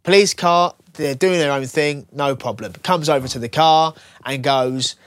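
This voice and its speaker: A man's voice: on the high side, a little slow, clear, resonant tone, no echo. A man, co-hosting a radio show and telling a long anecdote, acting out the other people in it. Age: 20s. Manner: animated storyteller acting out dialogue. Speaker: radio co-host. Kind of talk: casual radio chat, anecdote.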